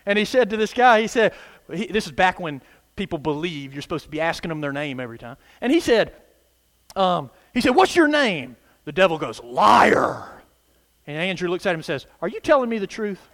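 A man's voice: on the high side, expressive, fast talker, big-room sound. A man preaching a sermon as pastor, emphatic, with call-and-response asides to his listeners.

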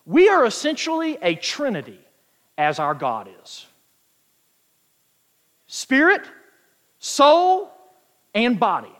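A man preaching a sermon, emphatic and quoting scripture, stretching key words out slowly for weight. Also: high voice, a bit bright. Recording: long hall reverb.

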